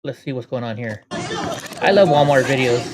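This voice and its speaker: A man's voice: mid-range voice, expressive, normal speed, a loud crowd, heavy background noise. Male streamer, casual rambling chat, talks to his dog. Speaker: livestream host.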